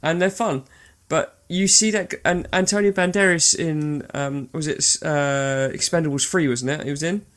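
A man's voice: on the high side, steady tone, normal speed, few pauses, fairly bright tone. A man chatting casually about films in an earnest, heartfelt way, with some swearing. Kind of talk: casual film chat.

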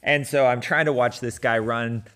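Middle-aged man telling a story, halting. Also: mid-range voice, steady tone, a bit bright, clear, resonant tone. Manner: conversational with frequent fillers and restarts. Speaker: runner telling a personal story. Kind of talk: casual storytelling.

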